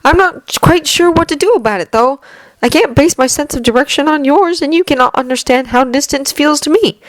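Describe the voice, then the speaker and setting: A woman voicing a gentle, earnest blind teenage hero boy in a fanfiction reading, speaking softly and thoughtfully. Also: sits high, fairly quick, no room sound, voice pushed up, natural voice.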